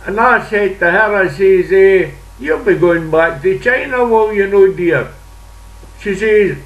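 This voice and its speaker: Older scottish guy telling a long rambling story, highish voice, echoey room, mic a bit far off. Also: a little slow, fairly bright tone. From Scotland. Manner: rambling, chatty, with dialect words. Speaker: vlogger. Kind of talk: casual storytelling monologue.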